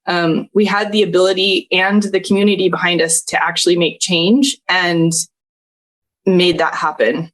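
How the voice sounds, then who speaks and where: A woman's voice: lowish voice, level tone, moderate pace. A woman in her thirties, a podcast guest, telling an emotional personal story with earnest, heartfelt feeling, often close to tears and laughing through it.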